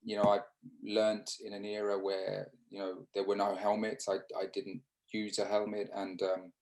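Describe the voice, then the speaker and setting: An English man in his fifties, a former cricketer, telling stories in a casual interview over a video call, halting with restarts and fillers. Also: on the low side, monotone, vocal fry, darkish tone, poor audio. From England.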